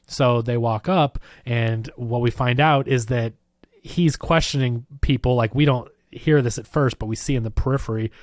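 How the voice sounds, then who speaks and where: A man's voice: mid-range voice, normal speed, no echo. A man on a film review podcast retelling the plot in a loose, chatty way. He slips into acted quotes and fills gaps with "like" and "you know." His voice sits mid-range, recorded close and dry. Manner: animated, acts out quoted lines, many fillers.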